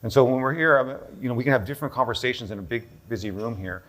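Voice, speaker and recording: A man's voice: mid-range voice, racing, fairly bright tone. Lecturing man with "okay?" checks. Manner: lecturing, thinks aloud with frequent "okay?" checks. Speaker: doctor presenting a health protocol. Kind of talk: explanatory talk on stage. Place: busy room with a live audience.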